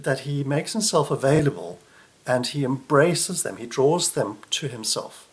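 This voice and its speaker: A man delivering a reflective sermon, unhurried, often dropping soft and low at the ends of phrases. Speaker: preacher.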